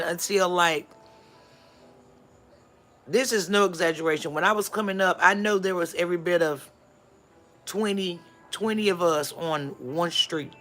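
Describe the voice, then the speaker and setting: A woman hosting a live stream, telling a rambling storytime and acting out the dialogue. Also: fairly low pitch. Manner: animated storyteller who acts out dialogue; rambling, frequent restarts and asides. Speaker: livestream host.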